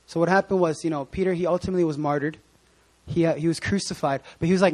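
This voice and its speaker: A man's voice: on the high side, quick pace, a little mellow. A man preaching a casual sermon, chatty and joking with many asides. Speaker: pastor.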